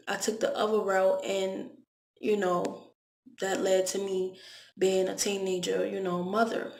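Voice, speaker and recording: A young woman, telling a candid, conversational storytime vlog and often repeating her words. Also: mid-range voice. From Baltimore, US. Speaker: vlogger. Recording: echoey room.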